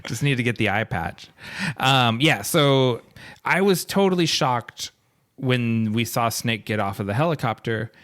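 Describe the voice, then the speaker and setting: A man co-hosting a podcast, chatting casually about a film in a relaxed way, chuckling now and then and thinking aloud. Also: mid-range voice, a little slow. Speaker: podcast co-host.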